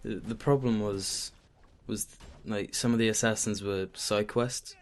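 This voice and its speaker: A man's voice: fairly low pitch, steady tone, unhurried, faint music behind. A man co-hosting a casual game review, mostly short remarks and agreement.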